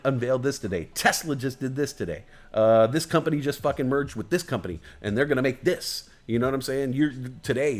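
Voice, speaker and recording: A man hosting a livestream in a loose, rambling rant. He swears constantly and hammers his points through repetition, drifting from one tangent to the next. His voice sits at an ordinary middle pitch. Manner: heavy swearing, emphatic repetition; loose, digressive, chuckles at his own jokes. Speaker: livestream host.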